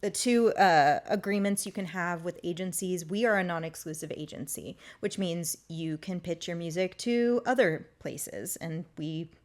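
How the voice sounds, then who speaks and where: A woman's voice: fairly low pitch, normal speed, hardly any pauses. A young adult woman chatting casually as an interview guest, talking freely with many "like" and "um" fillers. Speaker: guest, music agency co-founder.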